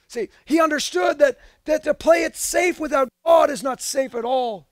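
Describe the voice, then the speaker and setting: High-voiced man preaching a sermon. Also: a little slow, no room sound. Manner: earnest and emphatic, with casual asides and bursts of raised voice. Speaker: pastor.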